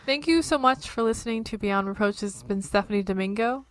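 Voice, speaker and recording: A woman from Ohio co-hosting a podcast in casual chat, animated, laughing often and swearing freely. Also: medium pitch, fast talker. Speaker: podcast co-host.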